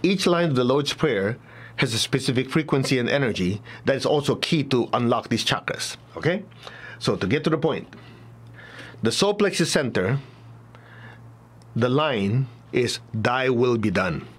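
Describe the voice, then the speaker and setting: A man's voice: mid-range voice, lively intonation, normal speed, long pauses, slightly rough. A man teaching a spiritual class in a loose, chatty way, often laughing and acting out little examples. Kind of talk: casual talk to a class.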